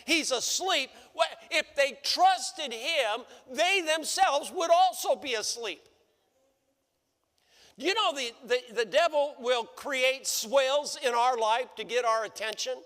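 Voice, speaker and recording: A man's voice: very high-pitched, slow, a bit bright, big-room sound. A man preaching a sermon as pastor, working through the story with repeated rhetorical questions. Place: church sanctuary.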